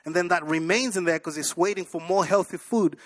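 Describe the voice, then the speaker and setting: A man preaching a sermon in church, telling stories with animated energy and shouting at the peaks. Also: high-pitched, fairly quick. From abroad, moved to the US in 1998. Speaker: pastor.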